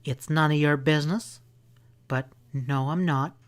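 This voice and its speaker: A man's voice: fairly high pitch, unhurried, pitched above the performer's own voice, close to an everyday voice. A man voicing a defiant throaty cowgirl. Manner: curt, defiant. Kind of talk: audiobook character voice.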